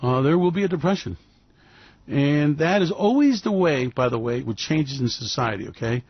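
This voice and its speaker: A man's voice: a little high, expressive, moderate pace, breathy edge, no room sound, muffled recording. A man hosting a radio show, talking in a rambling, emphatic monologue full of fillers and restarts. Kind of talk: opinionated monologue.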